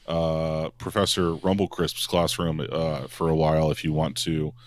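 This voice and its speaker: A man acting as game master of a tabletop game, narrating in a relaxed, hesitant way with many fillers. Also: rumbling low, normal speed, no room sound. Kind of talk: casual tabletop role-play narration.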